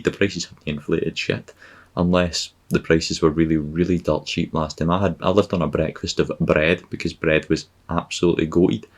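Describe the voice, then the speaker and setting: A Scottish man hosting a podcast, rambling through a comic, sarcastic and profane travel monologue. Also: extremely low pitch. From Scotland. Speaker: podcast host.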